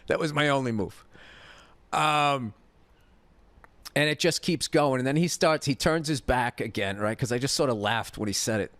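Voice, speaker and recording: A middle-aged man, a comedian host, telling a story in a profane, exasperated, animated rant. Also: mid-range voice, normal speed, dry recording.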